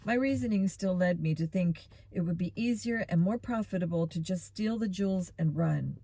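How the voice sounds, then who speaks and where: A woman reading a children's mystery novel aloud in steady, expressive first-person narration. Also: lowish voice, moderate pace, no room sound. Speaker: storybook reader.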